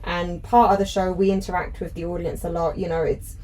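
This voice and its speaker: Mulher risonha num podcast. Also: female voice, lowish voice, little pitch movement, brisk, darkish tone, a little hiss or hum, rough recording. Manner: giggly, cackling laugh. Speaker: podcast co-host. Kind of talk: casual chat. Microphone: close podcast mic.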